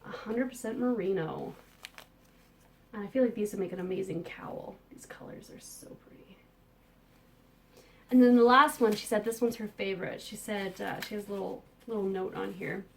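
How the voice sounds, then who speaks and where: A woman hosting a casual podcast, talking enthusiastically about yarn she has dyed and received, with soft muttered asides. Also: mid-range voice, fairly even intonation, brisk, creaky. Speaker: podcast host and yarn dyer. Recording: distant mic with faint background noise.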